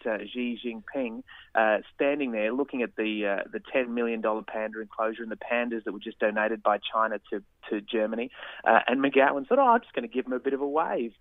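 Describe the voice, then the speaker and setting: A man's voice: mid-range voice, no echo. A man with an Australian accent, a newspaper columnist, telling stories with amused chuckles. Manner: amused, storytelling, laughs while telling. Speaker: newspaper columnist, regular guest. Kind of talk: casual radio chat. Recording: tinny phone line, dry.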